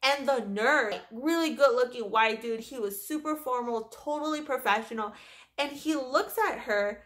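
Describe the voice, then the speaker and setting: A young woman vlogger telling a story in a casual, animated way, swearing often and full of fillers. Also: high-pitched, moderate pace.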